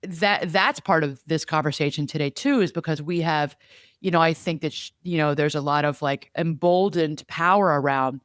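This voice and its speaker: A man's voice: on the high side, moderate pace, a bit bright, clear, resonant tone, no room sound, studio quality. A man co-hosting a casual conversational chat, earnest and rambling, often restarting his sentences. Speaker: podcast co-host.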